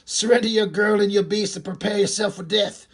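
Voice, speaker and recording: A man's voice: high voice, steady tone, fairly quick, voice pushed up. Menacing comic-book mutant raiders, taunting from above; a man reads it. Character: threatening male wasteland mutant thugs. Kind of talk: reading comic dialogue aloud.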